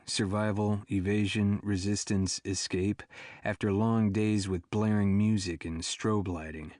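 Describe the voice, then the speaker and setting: A man narrating an audiobook thriller in a steady, even storytelling manner. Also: lowish voice, dry recording, studio quality. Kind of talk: scripted narration.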